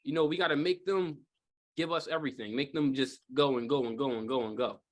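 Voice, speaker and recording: A casual, rambling male sales trainer with a mid-range voice speaks briskly at a live sales training talk in a training room with an audience. He uses lots of fillers and keeps asking a rhetorical "right?".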